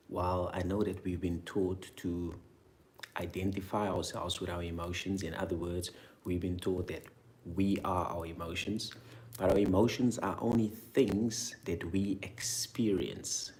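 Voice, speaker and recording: A man with a very low voice coaches viewers on their money mindset. He leads them through guided imagining with repeated prompts and punchy, energetic emphasis. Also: a little hiss or hum. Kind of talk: motivational guided talk to viewers.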